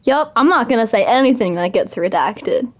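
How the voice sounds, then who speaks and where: A woman's voice: on the high side, animated, moderate pace, a little hiss or hum. A woman on a casual podcast, an improv performer, talking in a bubbly, giggly way full of "like".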